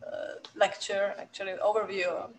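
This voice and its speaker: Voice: mid-range voice, flat delivery, normal speed, noisy background. A museum curator, moderating a Q&A with long, hesitant questions full of fillers. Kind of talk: asking questions after a lecture.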